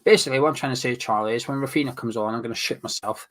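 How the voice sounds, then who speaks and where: A man's voice: medium pitch, very fast, a bit bright. A man talking through a football match in casual, rambling analysis. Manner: rambling, repeats his points. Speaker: football pundit.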